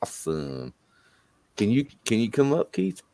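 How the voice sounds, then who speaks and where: Deep-voiced, slow-talking laid-back man. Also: sing-song, dark tone, a little hiss or hum. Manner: laid-back, laughs often. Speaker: stream host. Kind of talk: casual chat.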